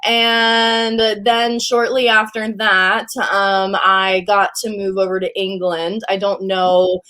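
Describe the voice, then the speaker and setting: A woman's voice: medium pitch, flat delivery, takes it slowly, sharp tone, clear, resonant tone. A woman from Hawaii, a guest on a video-call chat show, talking casually, bubbly, laughing often and saying "like" a lot. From Hawaii, USA. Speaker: podcast guest. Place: home, lives in LA.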